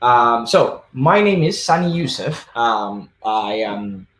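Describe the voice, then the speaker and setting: A man's voice: medium pitch, lively intonation, slow pace, a bit bright, a little hiss or hum. Easygoing man from Nigeria, echoey room. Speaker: conference speaker. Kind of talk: relaxed tech talk.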